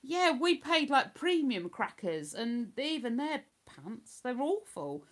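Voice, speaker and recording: A woman's voice: high-pitched, sing-song, slow pace. An older woman from Hertfordshire with an accent between posh and London, chatting casually on a livestream and answering viewer comments. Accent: Hertfordshire English, between posh and London. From Hertfordshire, England. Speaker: livestream host.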